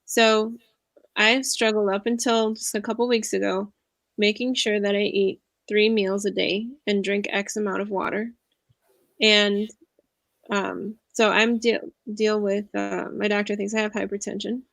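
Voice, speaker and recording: A woman in her thirties talks as an interview guest, earnest and reflective, with a confiding way of sharing. Her voice has a gravelly, fry-laden texture and sits in a middle register. It is recorded close and dry, as on a video call. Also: mid-range voice, flat delivery, measured pace, a bit bright, no echo. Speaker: guest speaker, empowerment coach. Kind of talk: casual interview conversation.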